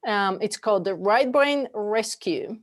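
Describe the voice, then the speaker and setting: A woman hosts an interview, her voice at a middle pitch. She speaks in a friendly way and often laughs softly between questions. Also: expressive, unhurried. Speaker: podcast host. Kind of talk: interview hosting.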